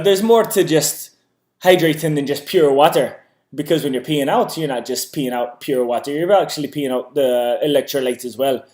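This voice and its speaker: A man hosts a casual how-to vlog while keeping up a put-on Irish accent. His voice sits a little higher than usual for a man, and he explains things playfully, one step at a time. The room around him is echoey. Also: darkish tone. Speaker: host.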